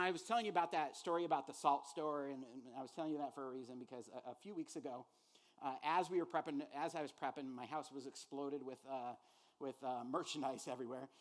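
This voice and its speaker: A man preaching a sermon as pastor, animated and conversational, acting out quoted voices and using many fillers. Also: medium pitch.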